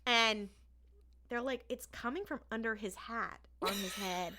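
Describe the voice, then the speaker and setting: A woman's voice: fairly high pitch, measured pace, background noise. A woman co-hosting a podcast, chatting casually as she retells an episode and acts out the lines. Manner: animated retelling with quoted lines. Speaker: podcast co-host. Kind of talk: casual recap chat.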